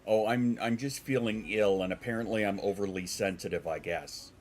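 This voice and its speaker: A congested man streams from home, chatting casually with his viewers in a rambling way, swearing now and then and responding to chat. His voice is lowish and his pace moderate.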